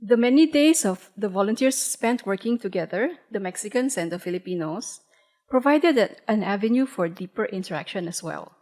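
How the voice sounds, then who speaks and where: A woman's voice: mid-range voice, expressive, moderate pace, a little mellow, poor audio. A woman from the museum staff formally closing her talk and introducing the next speaker in an auditorium, with some fillers.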